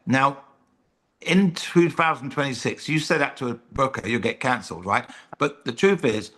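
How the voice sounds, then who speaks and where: A British man talks casually as a podcast guest, spinning anecdotes with a self-mocking edge. His voice sits at an ordinary middle pitch, and he fills gaps with frequent ums. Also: moderate pace, a bit bright. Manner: chatty storyteller, self-deprecating jokes, many ums. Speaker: comedian guest. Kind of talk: casual chat.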